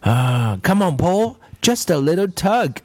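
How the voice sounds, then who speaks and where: A man's voice: medium pitch, big pitch swings, slow, no room sound. A man voicing a sly talking pigtail in a storybook reading, with a whiny, coaxing manner.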